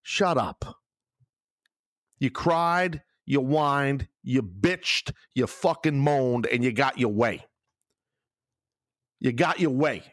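A podcast host rants solo, sarcastic and swearing often, with no music bed under his voice. His mid-range, fairly bright voice moves at a slow pace. It's studio-quality audio from a studio microphone, with no echo.

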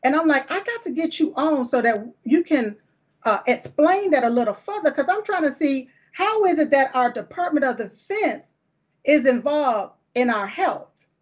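A woman hosts a political talk show with a fiery, folksy, emphatic delivery. Her voice sits on the high side. The recording sounds dull and muffled. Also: animated, normal speed.

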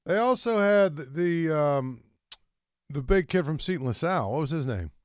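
A man in casual sports talk who tells stories in an animated, excitable way. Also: on the high side, normal speed, clean tone, dry recording, clean studio sound.

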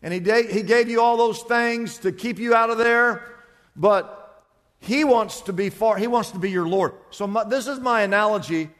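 High-voiced man preaching in an echoey hall. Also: moderate pace, fairly bright tone. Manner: emphatic storytelling with repetitions. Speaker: pastor. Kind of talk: sermon.

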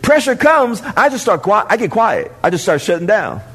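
A male pastor preaching a sermon to his congregation in church, animated, often repeating and restarting words. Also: sits high, normal speed, slightly rough.

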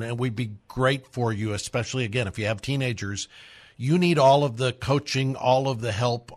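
A man hosting a radio interview, chuckling along with his guests and promoting the next day's program in an easy, conversational way. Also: mid-range voice. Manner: relaxed, chuckles along, plugs upcoming program. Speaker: radio host.

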